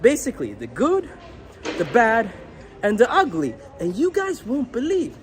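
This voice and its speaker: A man's voice: very high voice, huge pitch swings, unhurried. A young man, a dating coach, talking to the camera outdoors in a blunt, crude and unfiltered way. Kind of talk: casual talking-to-camera advice.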